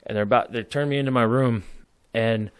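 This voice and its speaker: A man's voice: medium pitch, fairly even intonation, brisk, clear, resonant tone, no room sound. Rambling, cursing male veteran storyteller. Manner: rambling, laughs while telling stories, swears freely. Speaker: podcast guest, military veteran. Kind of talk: casual storytelling.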